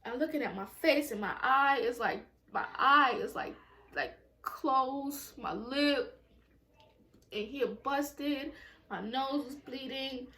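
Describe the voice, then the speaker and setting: A woman's voice: sits high, slow, bright, forceful tone, reverberant. A woman telling a personal story time at home, in a raw, emotional, profane way with many repetitions. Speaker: vlogger.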